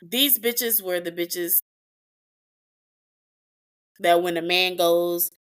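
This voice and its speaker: A woman's voice: fairly low pitch, extremely slow, long pauses, fairly bright tone, smooth. A woman hosting a podcast, telling a personal story in a blunt, profane, emotional way with emphatic repetitions. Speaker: podcast host.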